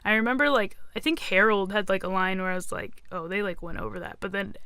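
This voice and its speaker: A woman's voice: medium pitch, fast talker, sharp tone, smooth, no echo. A woman co-hosting a podcast, chatting casually about movies with frequent giggles and rambling asides. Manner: giggly, rambling, lots of likes. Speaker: podcast co-host. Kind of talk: casual chat.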